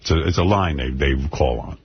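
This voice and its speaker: A man telling a story on radio, animated and profane, yelling the lines he quotes, getting over a cold. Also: rumbling low, moderate pace, slightly rough. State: end of a cold. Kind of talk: casual storytelling on talk radio. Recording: dull radio broadcast with faint noise.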